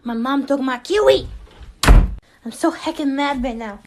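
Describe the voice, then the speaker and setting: A woman's voice: sits high, a little slow, background noise. A woman whining in mock anger, recorded from a distance. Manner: whiny, mock-angry.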